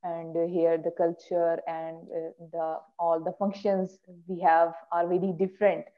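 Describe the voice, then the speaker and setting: A woman from Pakistan chatting as a workshop participant on a video call, speaking carefully with pauses. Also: on the low side, little pitch movement. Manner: careful, pausing with fillers. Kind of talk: casual chat on a video call. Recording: tinny phone-like call audio.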